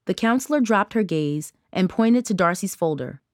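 Woman reading a story aloud, calm and even, dry close sound. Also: medium pitch, moderate pace, hardly any pauses, dry recording. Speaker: audiobook narrator. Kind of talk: scripted narration.

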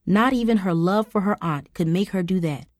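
A woman reading a story aloud as narrator, steady and even. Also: fairly low pitch, moderate pace, no echo, studio quality.

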